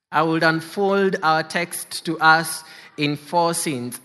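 A man preaching in a church, reading scripture with dramatic flair. His voice is high and bright and sits forward. The words ring out with the long reverb of a large sanctuary. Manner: dramatic reading, giving the quoted figures their own inflection.

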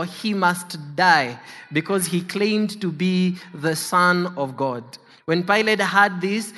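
A man's voice: high voice, pushed and bright. A male preacher reading scripture aloud and then preaching, giving the quoted speakers dramatic inflection. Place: church sanctuary. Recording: long reverb of a large hall.

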